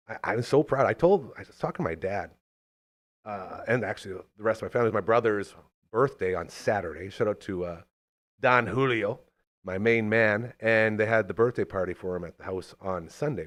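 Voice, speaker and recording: Male podcast host, thirties, lower-pitched, energetic and rambling, casual chat. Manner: animated, fired-up, rambling.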